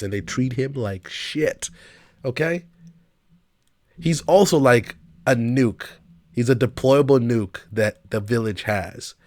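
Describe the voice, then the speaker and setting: A man's voice: on the low side, no room sound. Swearing, exasperated man reacting. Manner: swearing, exasperated, talks back to the video. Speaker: reaction video host. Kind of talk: casual reaction commentary.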